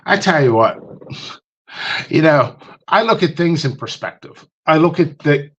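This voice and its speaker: Man, casual livestream chat, lively up-and-down pitch, rambling, restarts, quotes people in silly voices. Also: measured pace, husky, muffled recording. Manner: rambling, many ums and restarts, does voices when quoting people. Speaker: guest on a livestream chat show.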